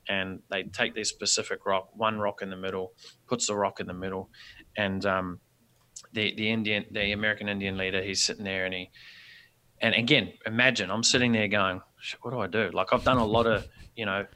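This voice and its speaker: A man telling a rambling, animated story as a podcast guest, with many restarts. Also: fairly low pitch, a little fast.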